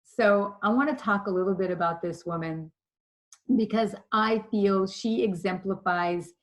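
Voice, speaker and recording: A woman presenting a leadership lesson from her slides. She tells her stories in a chatty, animated way, her voice at an ordinary middle pitch. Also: low-quality recording. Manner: storytelling, chatty, animated retelling. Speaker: leadership trainer.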